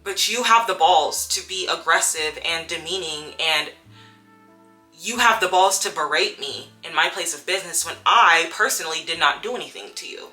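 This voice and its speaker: A young woman recounting a confrontation at work in a vlog, telling it with animated storytelling and acting out the quotes. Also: lowish voice, moderate pace. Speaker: vlogger. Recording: soft music underneath.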